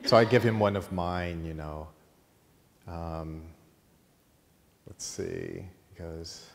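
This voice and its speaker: A middle-aged man teaching a course, telling a long lively anecdote to a class and laughing at his own story. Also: low voice, takes it slowly, creaky, pauses often. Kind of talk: storytelling in a lecture. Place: college teaching room. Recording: long hall reverb, faint noise.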